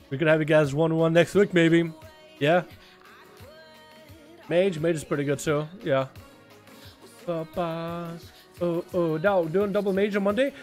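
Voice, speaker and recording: Excitable high-voiced man streaming games. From Russia. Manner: excitable, swearing, drops quiet then bursts loud. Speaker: game streamer. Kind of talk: casual gaming livestream chat.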